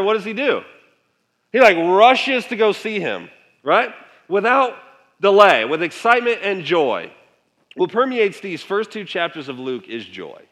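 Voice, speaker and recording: A man's voice: sits high, a bit bright. A man preaching a sermon in a conversational way, often turning to the congregation with questions. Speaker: pastor. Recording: long hall reverb.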